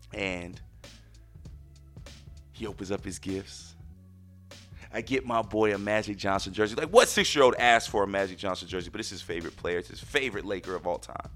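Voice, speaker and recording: A man in his thirties hosting a podcast, telling a story in a casual, animated way, dropping to quiet asides and rising to loud bursts. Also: fairly low pitch. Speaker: podcast host.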